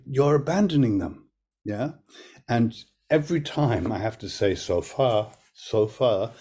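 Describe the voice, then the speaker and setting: A man's voice: lowish voice, dark tone, slightly rough. An older man speaking on a video call, telling candid stories about his work with frequent restarts. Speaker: guest speaker, choreographer. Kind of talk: reflective talk on a video call.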